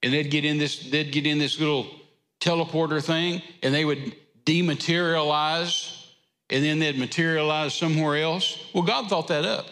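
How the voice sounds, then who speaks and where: A man's voice: on the high side, steady tone, moderate pace, sharp tone. A man preaching a sermon, telling a Bible story in a folksy way. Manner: folksy storytelling with drawled asides. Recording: echoey hall reverb.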